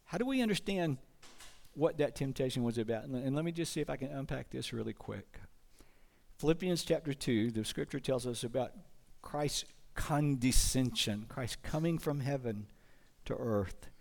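A man's voice: medium pitch, expressive, moderate pace, vocal fry, a little mellow. A male pastor preaching a sermon to a congregation, earnest and often asking the listeners questions.

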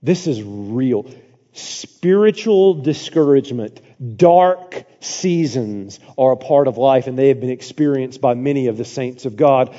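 A man preaching a sermon in a church, dramatic, swinging from hushed to loud with sarcastic asides. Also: medium pitch, lively intonation, measured pace. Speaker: pastor. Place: church sanctuary. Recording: dull, long church reverb.

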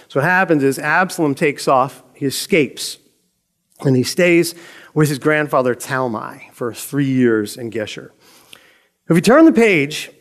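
A middle-aged man teaching a Bible story in a casual, conversational way, joking and laughing as he retells it. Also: on the high side. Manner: conversational, jokey, laughs often.

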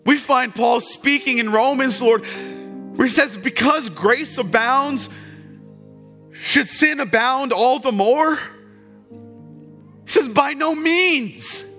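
A man preaching a sermon as pastor, impassioned and swinging from loud, fervent passages to hushed, tender ones. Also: extremely high pitch, slow, pauses often, soft background music.

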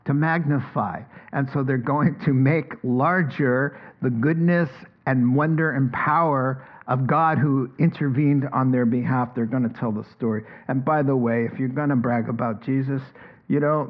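A man's voice: mid-range voice, muffled recording. A man preaching a sermon in a conversational, folksy way.

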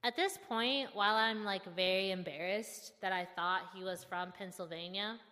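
A young woman seminary student telling a personal story in a candid, self-deprecating and expressive way. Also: mid-range voice, normal speed, in a large hall.

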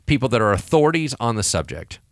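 A man who is a pastor and podcast co-host, telling stories in a casual, animated way, acting out quoted voices. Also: mid-range voice, fast talker, no room sound, clean studio sound. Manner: animated storyteller, acts out quoted voices, frequent restarts.

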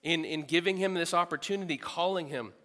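A man's voice: fairly high pitch, fairly quick, pushed and bright, big-room sound, slight background noise. A man preaching a sermon in a large room, earnest and emphatic, repeating phrases for stress.

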